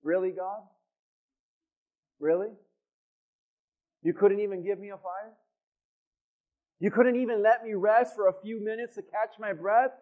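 A preacher acting out a worn-out apostle who pleads with and questions God, heard on a dull, lo-fi recording. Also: male voice, high-pitched, fairly even intonation, unhurried, pauses often, pitched below the performer's own voice. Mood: exasperated. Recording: dull lo-fi sound.

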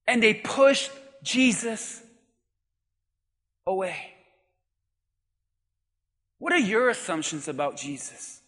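A man preaching a sermon in an emphatic, often shouting manner, calling out to the congregation. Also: sits high, very animated, takes it slowly, pauses often, long reverb tail. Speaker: pastor.

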